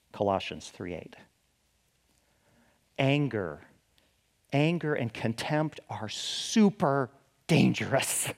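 A man preaching a sermon as a pastor, asking the listeners questions and often adding "right?" as he restarts his sentences. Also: medium pitch. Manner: animated, asks the listeners rhetorical questions; frequent restarts and "right?" tags.

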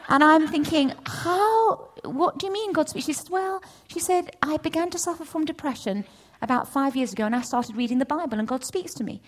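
A middle-aged woman giving a testimony at a church session, storytelling with lively acted-out dialogue. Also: a little fast, hardly any pauses. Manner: animated storytelling, acts out voices with big pitch jumps. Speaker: church speaker. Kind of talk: testimony sermon.

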